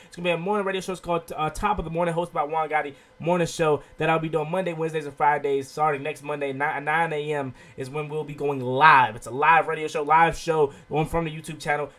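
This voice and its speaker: An excitable man with a high voice hosts his own sports show and rambles through breaking news. He keeps tacking "okay?" onto his sentences and sounds a bit under the weather. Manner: excitable, rambling, repeats 'okay?' often. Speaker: sports video host. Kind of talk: excited casual sports commentary.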